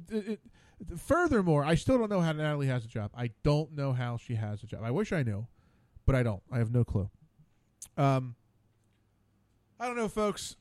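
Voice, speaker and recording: A man's voice: fairly high pitch, darkish tone, dry recording. A man hosting his own radio show, rambling casually alone at a studio mic, stammering and repeating words in exasperation.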